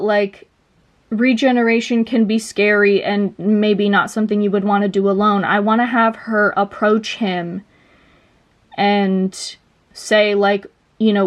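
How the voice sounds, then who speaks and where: A woman video essayist casually pitching a story idea in a loose, chatty way, with many fillers.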